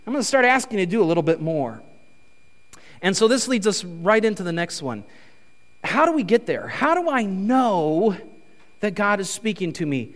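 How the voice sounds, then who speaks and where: A male pastor giving a conversational, animated sermon in a church. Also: high voice, normal speed. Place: church sanctuary. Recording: reverberant church hall.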